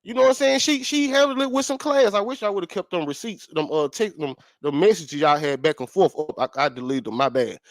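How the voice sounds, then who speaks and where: A man's voice: high voice, lively intonation, fairly quick, hardly any pauses, dry recording. A man co-hosting a casual talk show, blunt and profane, repeating points for emphasis. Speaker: podcast co-host.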